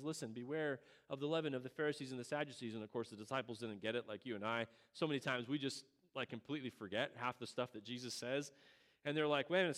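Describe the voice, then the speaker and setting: A man preaching a conversational sermon, acting out quotes with animated asides. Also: fairly high pitch. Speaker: pastor. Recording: long hall reverb.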